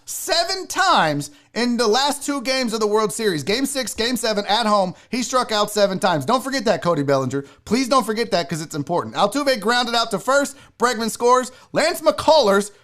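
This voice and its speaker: A man hosting a solo sports talk show, ranting loudly and mockingly with lots of swearing. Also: very high-pitched. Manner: loud, mocking, profane ranting.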